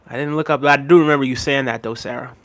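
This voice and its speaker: A man's voice: mid-range voice, fairly even intonation, rapid-fire, a bit bright. Laid-back man chatting on a livestream. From United States. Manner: laid-back, chuckles often, reads comments aloud. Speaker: livestream host. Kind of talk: casual livestream chat reading comments.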